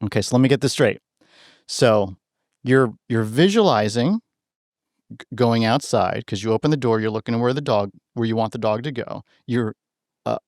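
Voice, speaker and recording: A man guest on a podcast, telling stories in a casual, animated way, often asking "right?" and restarting his phrases. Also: mid-range voice, no room sound, studio quality. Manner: animated, acts out quoted voices, keeps adding "right?"; restarts and repeats words while thinking aloud. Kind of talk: casual storytelling in conversation.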